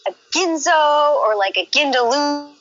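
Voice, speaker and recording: A woman's voice: high-pitched, animated, measured pace, a bit bright, a little hiss or hum. An American woman chatting casually on a game stream, giggly and playful as she teases back. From United States. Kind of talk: casual voice chat banter. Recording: lo-fi voice chat audio.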